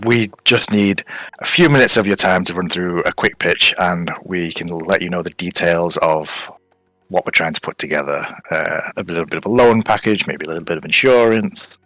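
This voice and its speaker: Man playing a salesy merchant, ingratiating, stumbling pitch, low voice, dry sound. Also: moderate pace, bright, forceful tone, no room sound, poor audio. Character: smooth-talking male merchant pitching a business.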